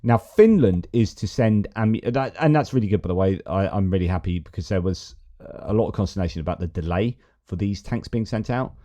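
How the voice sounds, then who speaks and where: A man's voice: low voice, animated, brisk, few pauses, dark tone. A man hosting a news commentary show, reading out reports and adding his own musings. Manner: reads reports aloud, then muses with fillers and restarts. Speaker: host.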